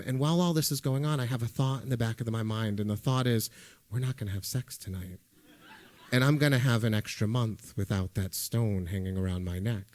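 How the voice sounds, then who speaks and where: Man telling a true story on stage. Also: mid-range voice. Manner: conversational, dry comic timing. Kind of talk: live first-person storytelling. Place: music hall stage before a live audience.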